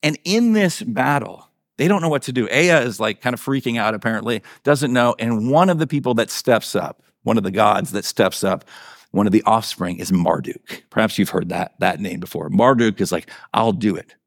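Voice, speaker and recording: A man's voice: on the low side, lively intonation, normal speed, creaky, dry recording, clean studio sound. A male pastor preaching a conversational sermon in a church, often checking in with his listeners by asking "right?" and "okay?".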